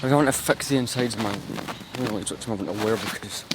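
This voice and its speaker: A man's voice: lowish voice, fairly quick. Rambling man on a noisy street. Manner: rambling, swears freely. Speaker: vlogger. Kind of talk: casual walking vlog. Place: outdoors on city streets.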